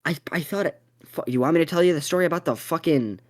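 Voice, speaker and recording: A young adult co-hosting a podcast tells a story in casual chat, swearing nonstop and rambling, with sudden excited bursts. The voice sits in the mid range and the delivery is fast.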